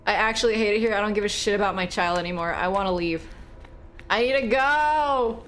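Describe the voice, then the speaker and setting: A woman streamer giving casual, animated commentary while playing a horror game, swearing, laughing and chatting with viewers. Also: medium pitch, racing, slight background noise.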